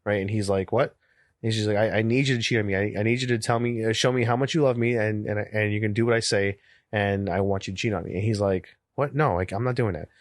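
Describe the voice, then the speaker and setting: Casual swearing podcast dad. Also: male voice, lowish voice, fairly even intonation, fast talker, no echo, clean studio sound. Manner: rambling storyteller, swears freely. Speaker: podcast co-host.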